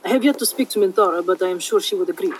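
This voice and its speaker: A woman voicing a watchful male bodyguard in a low, quiet voice with a slight put-on Indian accent. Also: rapid-fire, slight background noise, lightly acted, poor audio. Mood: guarded, formal.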